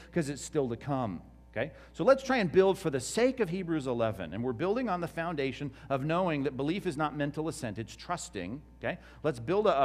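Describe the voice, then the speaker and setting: Lively conversational male pastor. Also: medium pitch. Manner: conversational, questions the congregation. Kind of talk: teaching sermon. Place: church before a live congregation.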